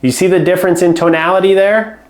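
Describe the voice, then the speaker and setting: A man's voice: sits high, steady tone, fast talker, roomy sound. A man coaching home care business owners in a direct instructional talk, speaking up firmly and stressing key words.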